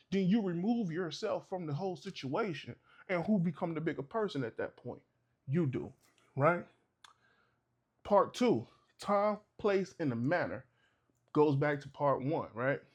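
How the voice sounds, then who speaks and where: A man, talking casually to camera and giving advice, sometimes acting out short exchanges. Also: a little high. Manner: conversational, preachy, acts out little exchanges. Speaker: vlogger.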